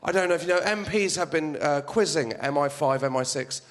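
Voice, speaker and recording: A man doing a wry, deadpan stand-up set of news jokes on a comedy club stage. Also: a little high, a little fast. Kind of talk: stand-up routine. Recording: live stage mic with crowd noise.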